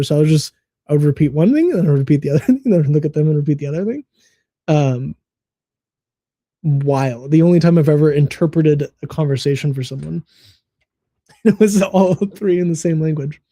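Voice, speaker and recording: Dark-toned American man, easygoing chat. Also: a little high, normal speed, no echo, studio quality. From United States. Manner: relaxed, rambling storytelling with fillers and laughs. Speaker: co-host. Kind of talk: casual podcast chat.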